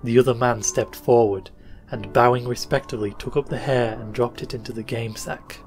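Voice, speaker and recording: A male podcast narrator telling an old tale in a steady, measured reading. His voice sits in an ordinary middle register. Soft music plays faintly beneath him. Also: mid-range voice. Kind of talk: scripted storytelling narration. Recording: faint music bed under voice.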